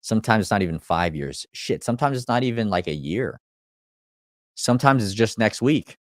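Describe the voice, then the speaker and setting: A life coach with a fairly low, animated voice gives a live motivational talk to viewers on a stream, speaking at normal speed. Blunt and profane, he hammers his points home with repeated phrases, recorded in studio quality with no echo.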